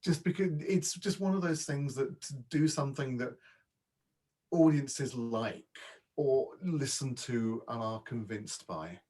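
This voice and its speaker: A man who works as a voice and dialect coach, talking casually as a podcast guest and stumbling over quick restarts. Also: medium pitch, darkish tone. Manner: chatty, with frequent false starts and repeats. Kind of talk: casual interview chat.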